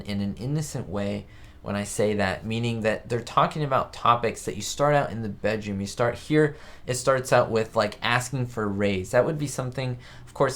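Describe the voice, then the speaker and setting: A man's voice: mid-range voice, fairly bright tone. A man hosting a casual live-stream chat, talking in a rambling, chatty way and reading viewer comments aloud. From United States. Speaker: host of a live chat show. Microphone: webcam setup.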